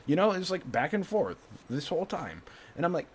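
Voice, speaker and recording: A man streaming, ranting at the camera, agitated and swearing, swinging between loud outbursts and low muttering. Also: big pitch swings, brisk, slightly rough.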